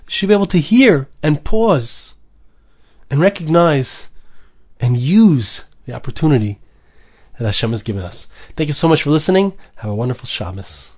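An earnest man delivers a devotional podcast talk as a rabbi, his voice sitting a little higher than most men's. He builds his emphasis in rising waves, then settles back to a quieter, reflective tone. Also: big pitch swings, moderate pace.

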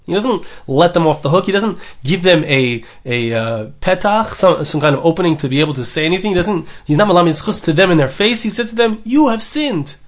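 Torah teacher, male, high-pitched and animated, reads text then explains it. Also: fast talker, hardly any pauses. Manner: reads Hebrew and Aramaic text aloud then translates, lively and emphatic. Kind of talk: animated Torah class reading and explaining a midrash.

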